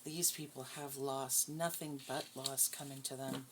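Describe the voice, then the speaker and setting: A woman's voice: rumbling low, fairly even intonation, unhurried, a bit bright, slight background noise, poor audio. A woman giving a casual tarot reading, blunt, profane and scornful. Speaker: tarot reader.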